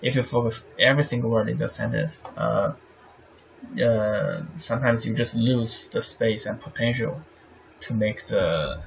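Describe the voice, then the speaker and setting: A man teaching the meter of Chinese poetry, halting with many fillers and checking "right?" often. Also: lowish voice, creaky. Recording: slightly dull sound with faint noise.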